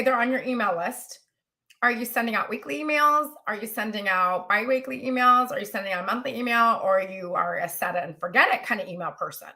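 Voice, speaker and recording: A woman business coach, teaching in a chatty, animated way during a live coaching session. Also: a little high. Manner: chatty, animated, says y'all.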